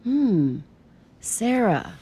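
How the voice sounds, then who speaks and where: An actress playing a young woman with amnesia, speaking gently and uncertainly in film dialogue. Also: on the high side, very animated, drawn-out words, breathy edge, heavily acted. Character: young woman with amnesia choosing a new name.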